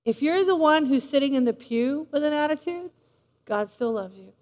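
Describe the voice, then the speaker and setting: A woman preacher giving a lively, playful sermon, speaking straight to her congregation in a large church hall. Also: sits high, moderate pace. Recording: long reverb of a large hall.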